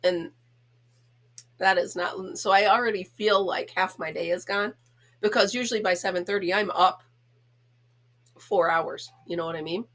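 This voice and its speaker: A woman's voice: medium pitch, steady tone, moderate pace, long pauses, a bit bright. A middle-aged woman from the United States hosting a casual home chat vlog, talking in a chatty, giggly, self-teasing way. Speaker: host.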